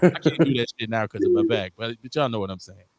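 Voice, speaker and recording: A middle-aged man hosting a casual radio talk show, profane and animated, acting out voices in his stories. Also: lowish voice, quick pace, slight background noise. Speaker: host.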